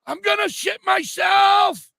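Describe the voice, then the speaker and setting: Man mimicking a frantic woman camper, shrill and shouting, gravelly edge. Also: slow pace, no room sound, full character voice. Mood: panicked. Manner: shrieking, panicked.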